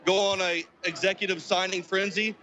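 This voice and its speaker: A man's voice: high voice, little pitch movement, normal speed, bright, forceful tone. A man reporting from an election night event and asking a guest questions. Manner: conversational, asks questions. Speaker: field reporter. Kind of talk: on-site reporting and interviewing.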